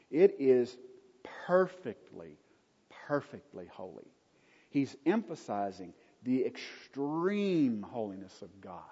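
Mellow, husky man teaching in an echoey hall. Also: mid-range voice. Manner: unhurried, emphatic, with conversational asides. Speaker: Bible teacher. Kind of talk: Bible study lecture. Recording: dull lo-fi recording in a reverberant hall.

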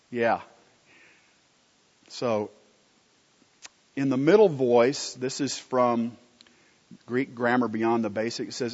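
A pastor preaching a sermon in a conversational teaching manner, asking the congregation rhetorical questions and swinging between emphatic and quiet phrases. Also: male voice, medium pitch. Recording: dull lo-fi recording with long hall reverb.

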